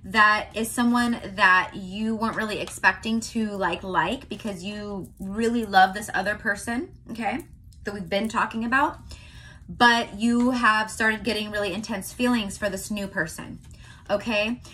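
A young woman from California giving a casual tarot reading to her viewers, chatty and often checking in with a quick "okay?". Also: medium pitch, steady tone, sharp tone, slight background noise. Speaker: tarot reader.

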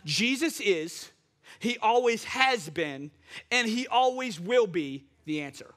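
A man's voice: high-pitched, lively intonation, slow pace, fairly bright tone. A male pastor preaching a sermon with impassioned, repetitive exhortations.

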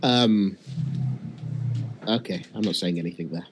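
A man's voice: low voice, a little slow, loud music behind the voice. A man streaming, bantering casually in a teasing, playful way. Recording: loud background noise.

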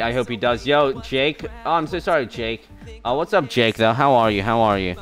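A young man live-streaming a building game, thinking out loud as he counts and gathers materials. He talks in loose, self-muttering bursts and breaks off to thank and answer his chat. Faint music plays underneath him. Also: mid-range voice, normal speed. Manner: mutters to himself, counts aloud, sings along to music. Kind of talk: casual live-stream commentary while playing.

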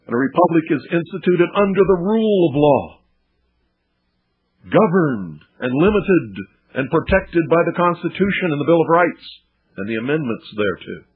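A man's voice: a little high, breathy edge. A man hosting political talk radio, lecturing indignantly and firing off rhetorical questions. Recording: tinny lo-fi archived radio broadcast.

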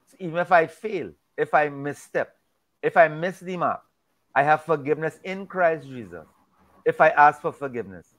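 A man with a slightly higher than usual voice talks through a Bible discussion in a casual way. He speaks emphatically and preachily. He often restarts and repeats words as he goes. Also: lively intonation, moderate pace, fairly bright tone.

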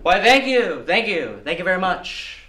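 A man's voice: high-pitched, big pitch swings, normal speed, sharp tone, slight background noise, exaggerated voice. A man playing a cheerful, cocky struggling actor who boasts and mangles French words. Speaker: actor in a student film. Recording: echoey room from far off.

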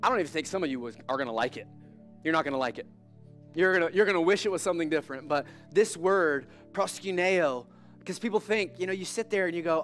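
A male pastor preaching a sermon in an animated, conversational, joking manner during a church service. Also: a little high, fast talker, soft background music.

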